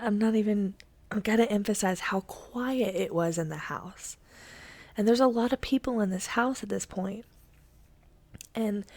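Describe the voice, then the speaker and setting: A woman's voice: mid-range voice, darkish tone, dry recording. A young woman, hosting and telling a story casually, full of fillers, often dropping to a whisper for suspense. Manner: chatty, lots of fillers, drops to a whisper for suspense. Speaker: host.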